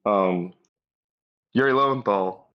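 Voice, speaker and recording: Chill guy tossing in quick comments on a movie podcast, low voice, muffled lo-fi audio. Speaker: podcast co-host. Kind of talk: casual movie review chat.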